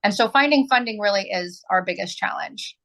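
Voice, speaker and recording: A woman's voice: mid-range voice, brisk, fairly bright tone, rough recording. A woman in her forties from southern Illinois, answering interview questions earnestly as an arts nonprofit director, with many ums.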